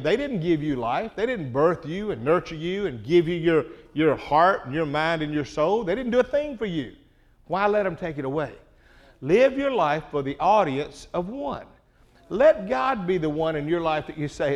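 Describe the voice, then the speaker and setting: A middle-aged man preaches in a plain, conversational style, earnest and direct with his listeners. His voice sits slightly high for a man. He often pauses to check in with a quick "okay?". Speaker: pastor. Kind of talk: sermon.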